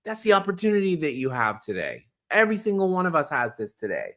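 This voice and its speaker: A man hosting a spiritual astrology talk, repeating phrases like a mantra and slowing to a soft pace when he guides the breathing. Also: fairly high pitch, wildly swooping pitch. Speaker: astrology host.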